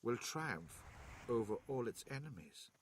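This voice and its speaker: A man voicing a frail, defiant elderly man, speaking slowly and mournfully. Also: mid-range voice, very animated, husky.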